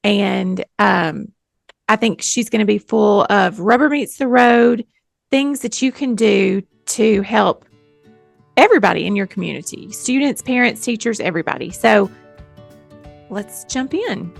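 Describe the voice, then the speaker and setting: A woman's voice: medium pitch, unhurried, creaky, no room sound, faint music behind. A woman, co-hosting a podcast in a chatty, self-deprecating way and laughing often. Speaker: podcast co-host. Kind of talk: casual podcast chat.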